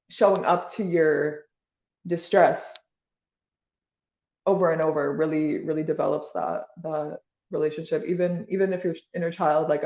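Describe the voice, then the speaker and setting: A woman's voice: low-pitched, dark tone, echoey room, muffled recording. A woman being interviewed, talking in a casual, rambling way with lots of "like" and restarts. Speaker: podcast guest.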